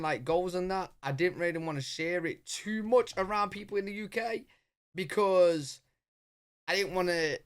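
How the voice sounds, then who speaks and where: A British man hosting a reaction video, chatting loosely and animatedly and calling the viewer "bro." His voice sits a little higher than most men's. The sound is dry and close. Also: a bit bright, dry recording. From United Kingdom. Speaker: reaction channel host. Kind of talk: casual reaction commentary.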